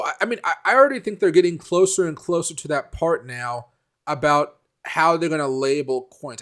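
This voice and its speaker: A man's voice: a little high, fairly bright tone. A man hosting a casual live stream, rambling and answering viewer comments by name, with many fillers and restarts.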